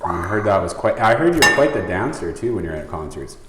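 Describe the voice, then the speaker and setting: A man's voice: low voice, sing-song, brisk, fairly bright tone, a little hiss or hum. A man hosting a casual interview, teasing his guest with jokes. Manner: teasing, joking. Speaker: host. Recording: echoey room with long reverb.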